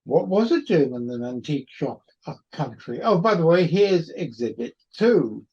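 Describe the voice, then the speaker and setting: A man's voice: a little high, very animated, moderate pace, darkish tone, slightly rough. A man, hosting a podcast and telling a story in a rambling, wry manner. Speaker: podcast host. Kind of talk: storytelling monologue. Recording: dull lo-fi recording.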